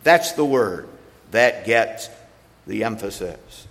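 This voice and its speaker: Slow deliberate preacher in a reverberant hall. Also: male voice, lowish voice, lively intonation, a bit bright. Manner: slow and deliberate, pausing between phrases, stressing single words. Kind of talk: expository sermon.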